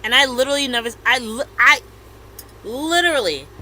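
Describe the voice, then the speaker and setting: A woman in her thirties with a bright, forceful voice chats casually on a podcast. She tells her story with lively, acted-out retellings of what others said, over a faint hiss of background noise. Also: high-pitched, a little fast, low-quality recording. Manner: animated storytelling, acts out quoted messages. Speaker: podcast co-host. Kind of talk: casual chat.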